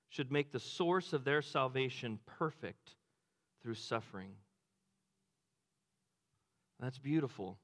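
A man preaching a sermon, animated, acting out quotes with a dropped low voice. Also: measured pace, pauses often, long reverb tail. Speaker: pastor.

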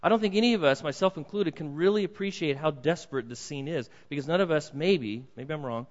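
An older man preaching a sermon, reading scripture dramatically and dropping to soft, chatty asides. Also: fairly high pitch, fairly quick. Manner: lively, swings between loud dramatic reading and soft asides. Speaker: pastor. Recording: dull sound in a big reverberant hall.

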